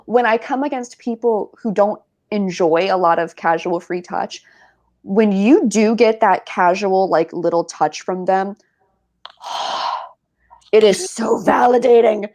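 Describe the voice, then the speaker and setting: A woman joining a casual group chat, enthusiastic and jokey, quick to play along with the others. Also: medium pitch, a little mellow.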